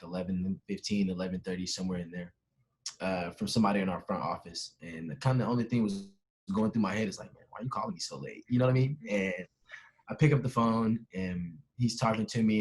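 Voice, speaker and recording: Here is a young man with a somewhat low voice, chatting as a podcast guest. He tells his story with animation and jumps into the voices of the people he quotes. His talk is relaxed and casual. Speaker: podcast guest, professional baseball player.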